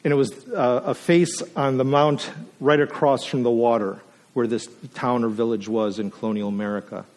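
A man preaching a sermon as a guest speaker, earnest and emotional, at times choked up, his voice rising to emphatic peaks and sinking to a near hush. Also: medium pitch, steady tone, moderate pace. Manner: earnest, emotional, swells up then drops to a hush.

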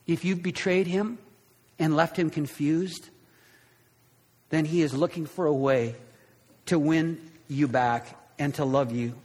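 A man pastor delivering an impassioned sermon. His voice sits high and swings from loud bursts down to hushed lows. It rings out with a long hall reverb. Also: steady tone, slow pace, long pauses.

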